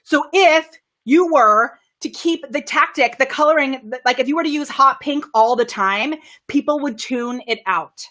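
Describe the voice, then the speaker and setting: During a live video stream, an excitable woman coaches viewers on camera confidence, her slightly high voice full of laughter and energy. She speaks at a moderate pace with few pauses, and her microphone is kept far from her.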